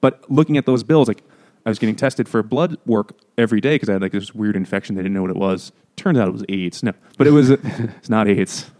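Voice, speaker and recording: A young man talks loosely on a podcast, rambling and cursing as he acts out little back-and-forth exchanges. His voice sits a touch low. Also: fairly quick, mellow. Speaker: podcast co-host. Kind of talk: casual chat.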